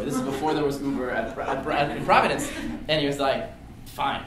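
A young man telling a lively story to an audience in a lecture room, sometimes shouting out the lines he acts out. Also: medium pitch, fairly quick, background noise. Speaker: student speaker. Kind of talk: storytelling talk. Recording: echoey room, distant mic.

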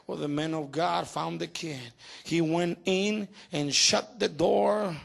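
A male pastor preaching a sermon, moving from quiet, low asides to loud, shouted calls for glory to God. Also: vocal fry. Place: church sanctuary.

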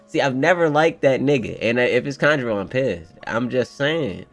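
A young man hosting a casual manga reaction, excitable, slangy and profane as he riffs to his viewers. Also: mid-range voice, moderate pace, hardly any pauses, soft background music. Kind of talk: casual live reaction commentary.

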